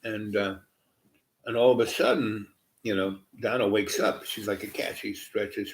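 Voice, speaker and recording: Rambling middle-aged man, low voice. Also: steady tone, normal speed, slight background noise. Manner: meandering, heavy with fillers and restarts. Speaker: storyteller. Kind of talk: rambling personal anecdote.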